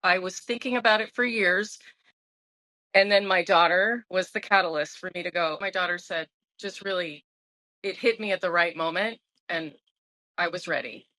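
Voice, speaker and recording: A woman's voice: on the low side, normal speed, sharp tone, dry recording, rough recording. A woman of sixty talking candidly and emotionally as an interview guest, often restarting her sentences. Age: 60s. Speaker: guest sharing her sobriety story.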